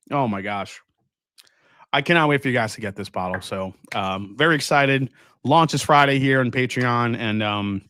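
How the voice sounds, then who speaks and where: A relaxed, enthusiastic man chats on a whiskey livestream, reading viewer comments as they come in. His voice sits at an ordinary male pitch and is heard close and dry, with no room sound around it. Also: no room sound. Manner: relaxed, enthusiastic, laughs often. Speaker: whiskey channel host. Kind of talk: casual livestream chat, reading super chats.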